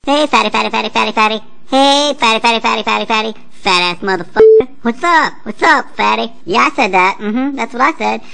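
A woman voicing a hyperactive, taunting, foul-mouthed cartoon character who talks in rapid, mocking, sing-song jabs. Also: a little high, animated, creaky, fairly bright tone. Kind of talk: cartoon voice acting.

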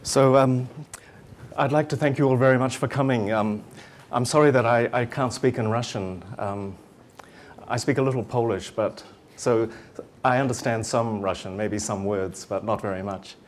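A middle-aged man with a New Zealand accent giving a formal lecture to students, measured and steady with frequent um fillers. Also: mid-range voice, a little hiss or hum. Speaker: guest lecturer.

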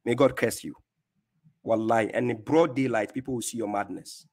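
A man's voice: mid-range voice, moderate pace, darkish tone. A man from Ghana hosting a mocking rebuttal, taunting and laughing at the speaker in the clip he plays. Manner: scornful, taunting, laughs at his opponent. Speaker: host reacting to a clip.

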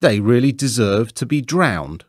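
A man's voice: mid-range voice, sing-song, a little slow, no echo, studio quality. A man voicing a pompous, self-important old male water rat in a storybook reading.

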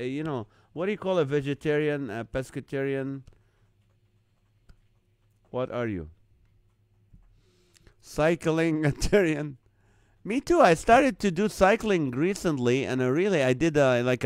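A man with a slightly high, clean voice hosts a live comedy stream, chatting casually, reading viewer comments and chuckling often at the wordplay. The recording is dry.

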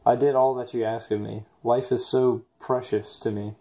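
A man voicing a huge, gentle male clay golem from a storybook who begs to live. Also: mid-range voice, little pitch movement, normal speed, lightly acted. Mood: pleading. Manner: pleading, plaintive.

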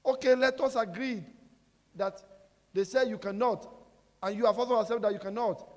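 A man preaching a sermon as pastor, asking the congregation questions and breaking into sudden shouts. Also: high-pitched, fairly even intonation, moderate pace. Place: large church hall. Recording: reverberant hall with music behind.

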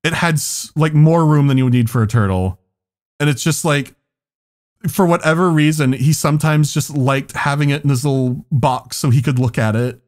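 A man's voice: a little high, normal speed, darkish tone. A man on a podcast telling a story in casual chat, laughing often and swearing as he goes. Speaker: podcast co-host.

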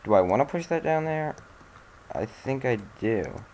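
A man's voice: mid-range voice, animated, normal speed, darkish tone, a little hiss or hum. A man hosting a let's-play, giving casual gameplay commentary while exasperated, muttering and swearing at the game.

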